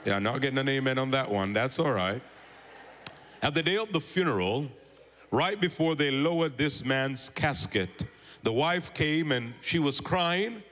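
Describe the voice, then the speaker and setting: A man preaching in a church with a long echo trailing each phrase. His voice sits a little high, and he tells stories and calls out for amens. He swings from raised proclamation to low, intense pleading. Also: a bit bright. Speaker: pastor. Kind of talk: sermon. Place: church sanctuary. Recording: church hall reverb.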